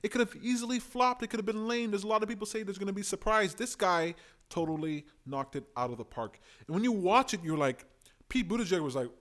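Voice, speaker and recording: A man hosting a live stream, giving opinionated, animated commentary and reading out viewer comments. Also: sits high, fast. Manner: opinionated, animated, talks to chat.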